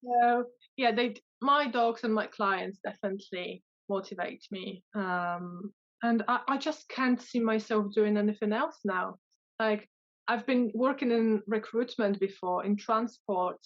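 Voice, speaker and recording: Guest woman, dog trainer; halting, filler-heavy speech; muffled lo-fi audio. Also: mid-range voice. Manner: hesitant, many fillers and restarts. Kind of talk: interview answers.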